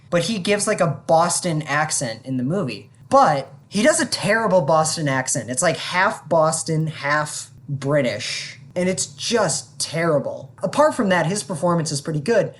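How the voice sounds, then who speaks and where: A woman co-hosting a podcast, giving a casual, opinionated film review with candid asides. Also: low-pitched. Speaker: podcast co-host.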